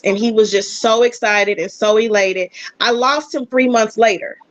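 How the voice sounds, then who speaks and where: Animated woman telling a family story. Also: fairly high pitch, no room sound. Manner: animated storyteller, quick bursts. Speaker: podcast guest. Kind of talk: casual chat. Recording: dull, dry lo-fi sound.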